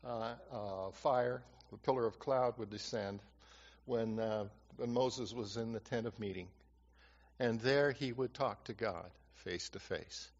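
A man's voice: on the low side, a little slow. A man preaching a sermon, repeating his key phrases for emphasis. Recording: muffled reverberant hall recording.

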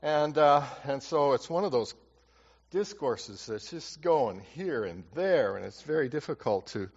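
A man's voice: a little high, expressive, unhurried, darkish tone, husky. A man preaching a sermon, repeating his key phrases for emphasis. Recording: muffled reverberant hall recording.

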